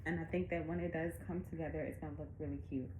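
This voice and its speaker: Lowish woman's voice, out of breath, casual chatty walkthrough of her artwork, faint room noise. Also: steady tone, racing, mellow, poor audio. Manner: chatty, laughs often, casual slang and cursing. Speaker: illustrator showing her picture book.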